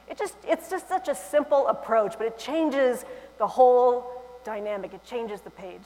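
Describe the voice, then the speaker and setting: A woman with a fairly high voice delivers a funny, animated keynote from a stage. Her words carry the long reverb of a large conference hall. She talks with quick jokes and playful emphasis. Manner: lively, humorous, animated delivery. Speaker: keynote speaker.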